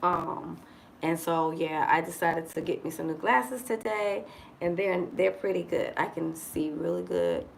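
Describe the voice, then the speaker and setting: Lady from the us doing a live vlog, chatty and silly, says y'all a lot, slightly low voice. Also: a little slow, creaky, a little hiss or hum, rough recording. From United States. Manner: expressive, joking, addresses viewers as y'all. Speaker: vlogger living abroad. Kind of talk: casual livestream chat. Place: indoors in Dar es Salaam.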